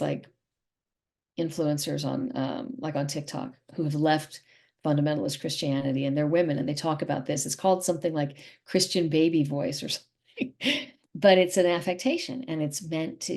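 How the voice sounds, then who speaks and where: A woman's voice: fairly low pitch, a little mellow. A middle-aged woman, an actress and interview guest, talking in a casual, emphatic and opinionated way.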